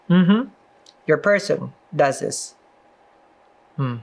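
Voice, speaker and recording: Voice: mid-range voice, takes it slowly, long pauses. A tarot reader and spiritual advisor giving a casual reading and advice, chatty, with frequent "mm-hmm" asides and dry sarcasm.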